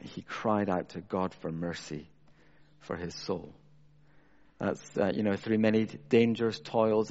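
A man preaching a sermon in an earnest manner, moving between raised emphasis and soft, hushed reflection. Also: sits low, creaky. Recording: dull, lo-fi sound with long hall reverb.

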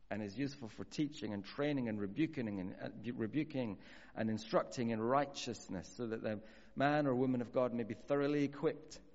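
A man preaching a sermon earnestly, slowing down to stress key phrases. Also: mid-range voice, darkish tone. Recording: dull audio with long hall reverb.

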